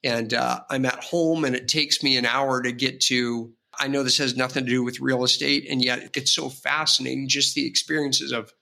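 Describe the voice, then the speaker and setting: A man's voice: medium pitch, gravelly, bright, forceful tone. A man, a real estate agent guest on an interview podcast, telling rambling, vivid personal stories with frequent restarts. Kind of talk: casual storytelling interview.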